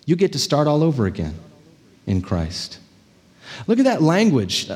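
Animated preacher in a reverberant hall. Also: male voice, a little high, normal speed. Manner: animated storytelling, frequent "right?" check-ins. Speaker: pastor. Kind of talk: sermon.

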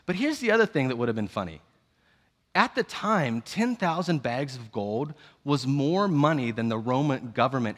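A man preaching a sermon, telling the story in a playful, animated way with jokes. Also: medium pitch, long reverb tail.

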